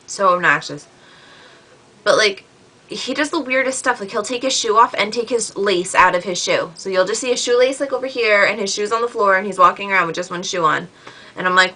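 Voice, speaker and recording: Young woman, casual vlog reply to a friend, chatty and animated, bright tone. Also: mid-range voice, a little fast, low-quality recording. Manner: chatty, filler-heavy, animated retellings. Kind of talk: casual video message.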